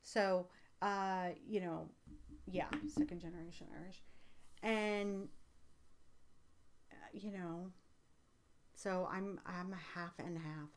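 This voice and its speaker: An American woman hosting a live stream as a psychic reader, chatting casually with viewers, rambling with many fillers and turning emphatic when excited. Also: fairly low pitch, very slow, long pauses, a little hiss or hum. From United States. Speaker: livestream host and psychic reader. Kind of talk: casual livestream chat, answering viewer comments.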